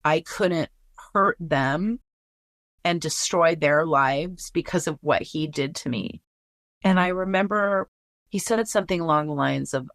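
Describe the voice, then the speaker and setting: A woman's voice: sits low, unhurried, a bit bright, dry recording, clean studio sound. A woman telling a painful personal story in an earnest, candid way, swearing now and then. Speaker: guest.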